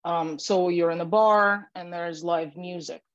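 A woman matchmaker and dating coach giving casual podcast advice, chatty and animated, acting out sample lines and often asking "right?". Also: fairly low pitch, measured pace, dry recording, dull audio.

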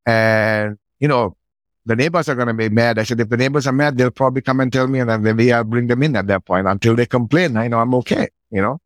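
A middle-aged man, guesting on a podcast, relates a personal story with a casual air and plays out his own lines from past talks. His mid-range voice moves at a quick pace, with no echo present.

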